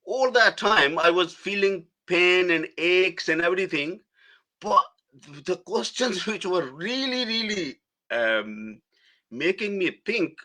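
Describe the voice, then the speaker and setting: A middle-aged man, a guest telling a personal story in a halting way, restarting phrases. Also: high voice, expressive. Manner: halting, restarts phrases, soft laughs between words.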